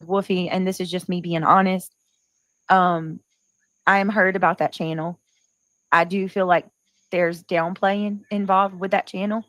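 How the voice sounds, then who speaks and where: Woman host, casual livestream chat, lower pitch, dry recording, meandering delivery. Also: level tone, a little slow, a bit bright, dry recording, rough recording. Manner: rambling, clears throat often.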